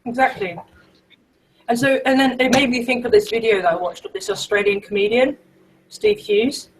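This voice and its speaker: A woman's voice: a little high, normal speed, poor audio. A woman hosting a casual live video chat with friends, chatty and rambling, laughing as she retells stories. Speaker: host. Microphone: home computer mic on video call.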